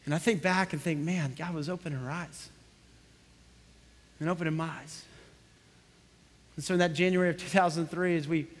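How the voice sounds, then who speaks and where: A man's voice: on the high side, big-room sound. A man preaching a sermon as pastor, telling a story and building to fervent emphasis.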